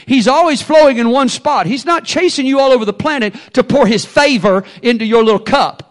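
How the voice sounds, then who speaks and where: A man preaches in an emphatic, call-and-response style. His voice sits high for a man, and he moves from hushed stretches to strong, rising lines. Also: fairly quick, hardly any pauses. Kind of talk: sermon.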